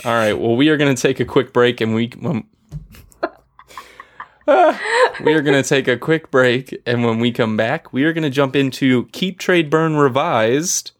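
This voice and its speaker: A man co-hosting a game podcast, bantering in a wry, deadpan way during casual chat. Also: mid-range voice, unhurried. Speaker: podcast co-host.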